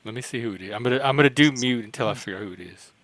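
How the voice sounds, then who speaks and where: An easygoing man chatting on an online panel. His voice sits in a middle pitch and sounds dry and close to the mic. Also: very fast, a bit bright, no echo. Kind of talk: casual online panel chat.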